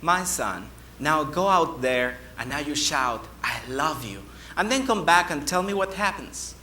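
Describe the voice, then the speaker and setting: A calm mother, as a man speaker puts her on, speaks softly and slowly. Her hushed words echo in a large hall. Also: slight background noise. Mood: gentle. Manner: soft and low. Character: calm, gently amused mother. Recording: echoey hall.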